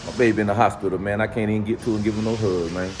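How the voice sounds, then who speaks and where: A man vlogging casually to his viewers at a car service shop, drawling and tacking "man" onto nearly every phrase, dropping to low mutters and rising to excited high exclaims. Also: very fast, background noise. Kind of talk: casual vlog talk to viewers. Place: car dealership service area, then in a car.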